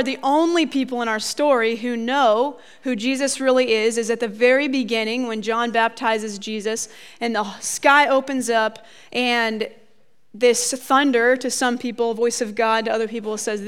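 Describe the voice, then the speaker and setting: Smooth-voiced woman preaching a sermon. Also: fairly high pitch, measured pace. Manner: conversational, animated asides. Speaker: pastor.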